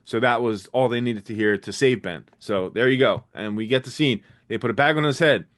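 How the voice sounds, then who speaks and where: A young man at an ordinary middle pitch runs through a TV episode in a fast, eager casual chat. He talks quickly and keeps his excitement up, dropping the odd curse word along the way. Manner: quick, enthusiastic, swears freely. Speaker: podcast co-host.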